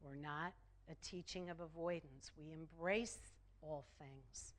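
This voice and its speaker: Woman minister, sermon delivery, slow and deliberate, lowish voice, emphatic repetition. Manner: slow, emphatic, repeats phrases for effect.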